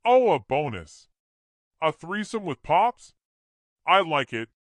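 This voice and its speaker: A man's voice: fairly high pitch, big pitch swings, takes it slowly, no echo, voice pushed up. A man voicing a seductive, menacing woman doctor with something demonic about her, mocking and snarling. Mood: teasing.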